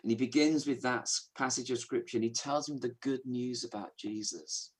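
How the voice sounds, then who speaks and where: Man, preacher, sermon, husky, earnest, emphatic. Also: mid-range voice, moderate pace. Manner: earnest, emphatic, with swings between hushed and raised delivery.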